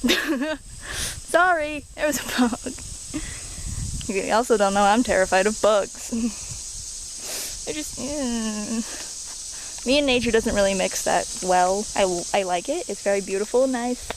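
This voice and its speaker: A woman's voice: on the high side, slow pace, pauses often, a little hiss or hum, poor audio. A young woman vlogging outdoors on a handheld camera, chatting to viewers in a rambling, giggly, self-deprecating way. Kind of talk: casual chat to camera. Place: outdoors in nature.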